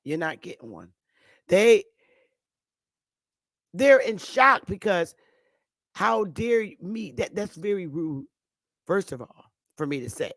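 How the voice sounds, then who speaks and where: A woman with a Northern US accent giving blunt, animated, casual commentary as host, swearing freely. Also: on the low side, slow, pauses often, no room sound. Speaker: channel host.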